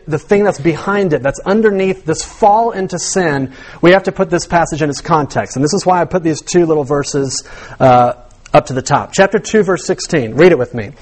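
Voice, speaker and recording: Animated preacher man, high voice. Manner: animated teaching with rhetorical questions and repeated words. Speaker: pastor. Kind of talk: sermon.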